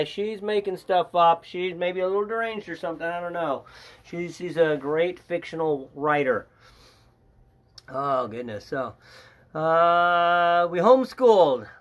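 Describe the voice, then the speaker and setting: A man's voice: high-pitched, measured pace. An older man hosting a casual live educational stream, chatty and joking as he greets viewers by name.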